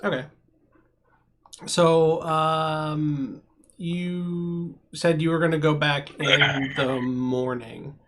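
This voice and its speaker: A man running a tabletop game as game master, talking in a halting way with many pauses and restarts. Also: a little high, fairly even intonation, a bit bright. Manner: halting, full of ums and restarts.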